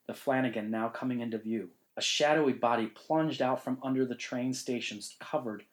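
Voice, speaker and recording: A man's voice: medium pitch, normal speed, rough recording. Man narrating a suspenseful story. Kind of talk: scripted narration.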